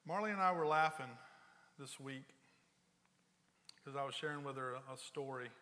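Pastor guy giving a sermon, bright forceful voice, gets loud telling stories then goes quiet and slow. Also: big-room sound. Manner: storytelling, builds loud and high for anecdotes, drops low and slow for serious points.

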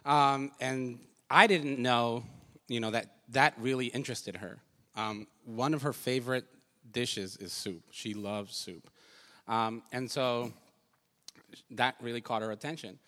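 A man spins a self-mocking story about his marriage for an audience, his voice bright and forceful. He is animated and laughs at himself along the way. The sound carries a long reverb, as in a large church hall. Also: medium pitch, a little slow. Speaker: husband sharing a testimony.

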